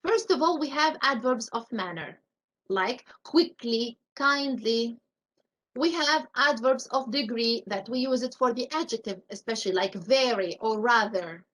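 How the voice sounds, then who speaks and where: A woman with a high voice teaches a live English grammar lesson. She walks through each rule step by step with example after example and keeps asking the class questions. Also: measured pace, a bit bright, poor audio.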